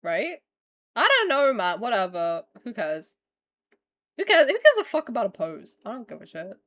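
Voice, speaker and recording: Give me a young woman streaming a reaction, dramatic and profane, her voice bouncing high and low. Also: huge pitch swings, normal speed, fairly bright tone. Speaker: streamer reacting to game trailer. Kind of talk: casual reaction chat.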